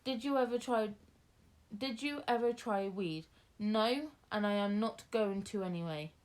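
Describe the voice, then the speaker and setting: A young woman answering viewer questions in a relaxed, chatty vlog. She talks at an unhurried, slow pace and wanders through her answers with plenty of fillers, her pitch sitting in a middle range. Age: young adult. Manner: chatty, rambling with many fillers. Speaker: vlogger. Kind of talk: casual Q&A chat.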